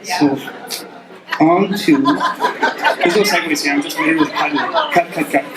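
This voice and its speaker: A man's voice: on the high side, normal speed, over a noisy crowd. Self-deprecating man doing stand-up in an echoey club. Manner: self-deprecating, rambling asides. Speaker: stand-up comic. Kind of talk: stand-up comedy set. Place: comedy club stage.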